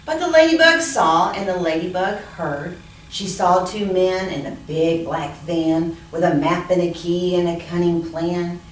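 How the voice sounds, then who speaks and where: A woman librarian reading picture books aloud at a library storytime, in an expressive sing-song way with animal sounds. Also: on the low side, measured pace, a little hiss or hum. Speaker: children's librarian. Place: library room. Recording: roomy echo from a distant mic.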